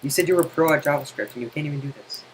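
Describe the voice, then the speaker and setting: A man tutoring someone in code, impatient and teasing, explaining in quick exasperated bursts. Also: fairly high pitch, noisy background. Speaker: coding tutor. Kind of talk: casual screen-side coding help.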